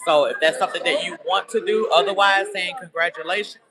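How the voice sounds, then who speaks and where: A chatty, upbeat man talks straight to his viewers, his voice sitting a little high. A crowd buzzes clearly around him as he streams. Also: quick pace. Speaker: vlogger at a graduation event. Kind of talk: casual live-stream chat. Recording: noisy crowd around the phone.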